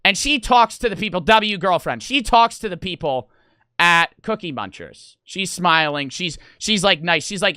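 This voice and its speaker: A young man streamer telling an animated story, excitable, swearing a lot and talking in rapid, emphatic bursts. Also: sits high, no echo, studio quality. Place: gaming house room.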